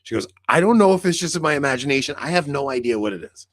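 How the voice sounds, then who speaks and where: A man's voice: mid-range voice, lively intonation, rapid-fire, no room sound. A man co-hosting a podcast in casual chat, telling a long rambling story full of "like" fillers and acted-out dialogue. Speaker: podcast co-host.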